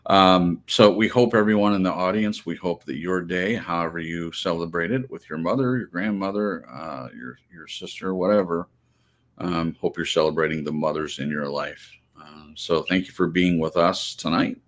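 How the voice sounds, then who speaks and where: A man's voice: low voice, normal speed. A man hosting a live talk show, graciously thanking guests with some hesitation. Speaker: host.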